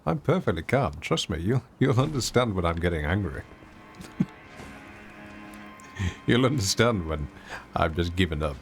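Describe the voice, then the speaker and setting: A man's voice: low-pitched, expressive, measured pace, long pauses, soft background music. A man streaming a video game, giving casual, playful, self-mocking commentary as he plays.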